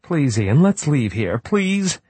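A man voicing a frantic female public relations director who pleads and accuses in a desperately bright way. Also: medium pitch, lively intonation, normal speed, husky, dry recording, pitched above the performer's own voice. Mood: pleading.

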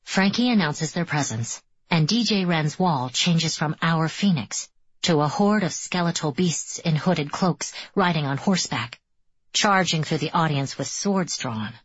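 A woman narrating an audiobook in the first person, with measured, immersive reading. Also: deep voice, animated, breathy edge, no echo, dull audio.

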